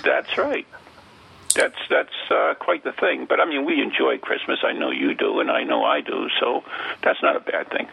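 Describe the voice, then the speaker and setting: A man's voice: mid-range voice, wildly swooping pitch, moderate pace, creaky, slightly rough. A man hosting a casual podcast chat, talking in a chatty, showman-like way with fillers. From New England, USA. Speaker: host. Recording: dull lo-fi audio.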